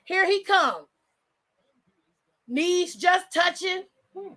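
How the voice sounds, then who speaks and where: A woman's voice: sits high, normal speed, pauses often, bright, forceful tone. A woman in a heated, blunt reaction vlog rant, cursing heavily as she talks about wrestling.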